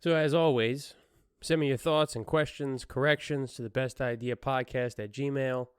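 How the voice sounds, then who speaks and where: A man runs a casual solo podcast, recounting a news story with frequent laughter. His mid-range voice stays fairly even in intonation at a normal speed, with a clean tone in a dry, studio-quality recording.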